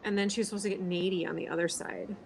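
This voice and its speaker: A woman from Minnesota with a Minnesotan accent, chatting casually on a livestream, snarky and quick to laugh. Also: on the low side, fairly even intonation, vocal fry, a little mellow, low-quality recording. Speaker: livestream co-host. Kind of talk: casual chat.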